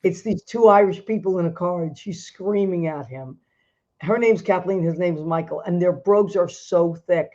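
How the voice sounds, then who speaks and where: A middle-aged woman hosting a casual chat show, animated and quick to laugh. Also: fairly low pitch, highs cut off. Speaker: host.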